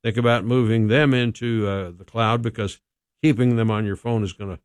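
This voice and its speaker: A man's voice: fairly low pitch, fairly even intonation, moderate pace, no echo. Chatty male radio host, dry close mic. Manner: casual, chatty, with frequent "uh" fillers. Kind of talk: radio morning segment.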